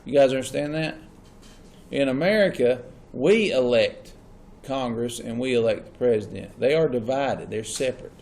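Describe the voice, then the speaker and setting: A man's voice: medium pitch, normal speed, a little mellow. A man teaching a class, often checking whether his students follow. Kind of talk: classroom lecture.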